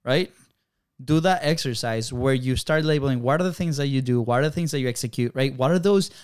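A man co-hosting a podcast, upbeat and quick to laugh, who walks listeners through numbered action points. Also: mid-range voice, a little mellow, smooth, dry recording, clean studio sound. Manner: upbeat, laughs easily, sums things up in lists. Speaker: podcast co-host. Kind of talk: casual podcast chat.

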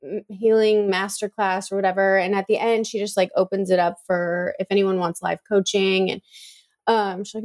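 A woman's voice: medium pitch, fairly even intonation, moderate pace, a little mellow. A middle-aged woman co-hosting a podcast, talking in a chatty, emotional way with lots of fillers. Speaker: podcast co-host. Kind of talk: casual chat.

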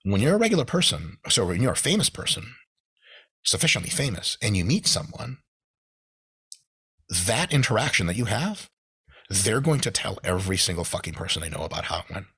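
A man's voice: on the low side, fairly quick, breathy edge. A man with an American accent telling stories as a podcast guest, swearing often and acting out quotes in shifted voices. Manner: animated, profane, acts out quotes in shifted voices. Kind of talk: casual storytelling.

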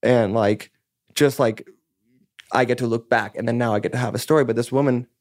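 A man of about thirty, a musician guest on a casual podcast interview, tells his story candidly and ramblingly, packed with "like" and swearing. His mid-range voice is brisk, steady, and a little mellow, in a clean, echo-free studio recording.

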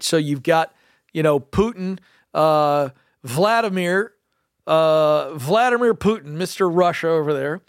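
A man co-hosting a money talk show, animated and wry, chatting casually with his co-host. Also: a little high, no echo, clean studio sound. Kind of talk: casual chat.

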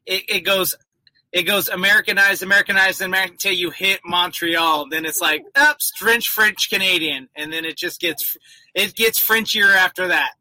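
A man's voice: high-pitched, steady tone, fairly quick, bright, forceful tone, no room sound, rough recording. A man co-hosting a podcast, chatting casually and rambling through jokes. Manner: joking, rambling. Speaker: podcast co-host.

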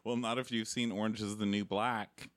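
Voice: medium pitch, flat delivery, normal speed. A podcast co-host in casual chat, mocking and joking, who acts out quotes in silly voices.

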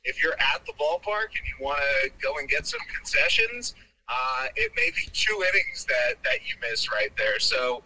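A man talking as a guest reporter in a casual chat, enthusiastic and animated. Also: fairly high pitch, normal speed, slight background noise, rough recording.

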